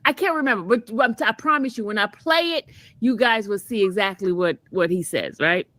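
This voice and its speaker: A woman's voice: mid-range voice, a little fast, a bit bright, no room sound. A woman trial vlogger casually telling a story to her viewers, chatty and often laughing, calling them y'all.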